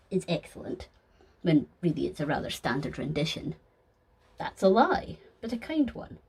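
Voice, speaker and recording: A woman's voice: on the low side, dark tone, breathy edge, exaggerated voice. Woman voicing a sly, formal snake-like man. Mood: lecturing. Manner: formal, measured, dryly sarcastic. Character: sly polished male snake-like deceiver. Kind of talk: fan audio sketch.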